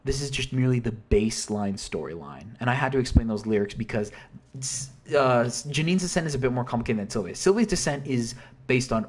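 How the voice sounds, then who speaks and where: A man's voice: mid-range voice, expressive, fairly quick. A man casually explaining an album's story in a rambling, self-interrupting way, with mild slang. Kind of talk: casual commentary.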